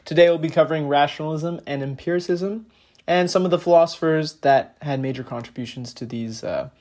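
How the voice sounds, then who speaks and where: A man's voice: a little high, brisk, a little mellow. Young man with a slight lisp. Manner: earnest, explanatory, with frequent fillers. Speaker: podcast host. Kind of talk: casual podcast talk.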